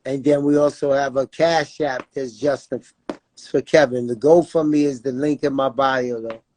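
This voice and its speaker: A man's voice: medium pitch, steady tone, measured pace, a little mellow, a little hiss or hum. A man talking as an interview guest about his jailed son, earnest and repetitive, often saying "you know what I'm saying". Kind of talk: emotional interview talk.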